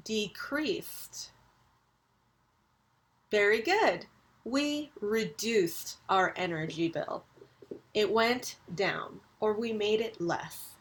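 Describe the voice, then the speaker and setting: A woman teaching a recorded university English lecture, speaking clearly and acting out example sentences. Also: mid-range voice.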